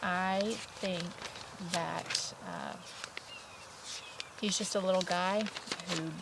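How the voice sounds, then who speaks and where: A woman's voice: on the low side, fairly even intonation, extremely slow, creaky, heavy background noise. A woman kindergarten teacher reading a picture book aloud to young children, stopping to chat and ask them questions. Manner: chatty, asks children questions, voices story characters.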